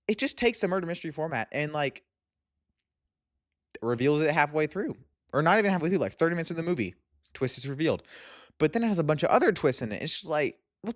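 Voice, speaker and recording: Excitable young man gushing about movies. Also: mid-range voice, no room sound, clean studio sound. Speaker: movie vlogger. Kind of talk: casual movie review vlog.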